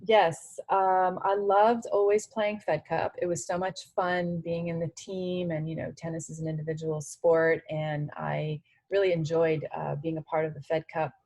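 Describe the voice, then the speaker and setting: Husky heartfelt woman in her forties. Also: low voice, flat delivery, moderate pace, hardly any pauses, darkish tone, no room sound, rough recording. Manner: heartfelt, many "you know" fillers. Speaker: interview guest, former tennis player. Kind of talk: candid conversational interview.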